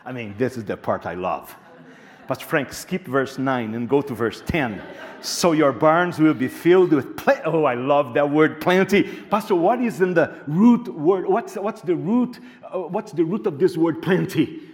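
High voiced pastor preaching, animated, repeats himself, cracks jokes. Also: male voice, moderate pace. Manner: animated, repetitive, joking with the congregation. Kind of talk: sermon.

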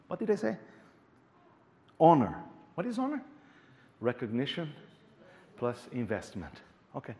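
A male pastor preaching a sermon in an animated way, repeating words and joking with the congregation. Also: mid-range voice, slow pace, long pauses.

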